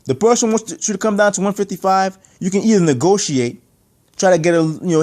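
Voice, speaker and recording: A man's voice: high voice, fairly quick, a little mellow. A man giving an opinionated boxing rant to camera, emphatic and heated, stacking rhetorical questions and repeating his points. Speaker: boxing commentator.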